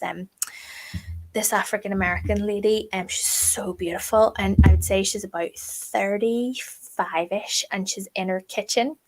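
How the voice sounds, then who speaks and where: A woman's voice: mid-range voice, a little mellow. Chatty middle-aged woman co-hosting. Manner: chatty, emphatic storytelling with many fillers. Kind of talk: casual chat.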